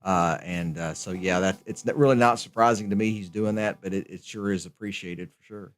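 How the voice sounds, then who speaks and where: A man who works in TV, visiting a radio studio as a guest and chatting in a friendly, laughing way, often pausing with fillers. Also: low voice, fairly even intonation. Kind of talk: casual radio chat.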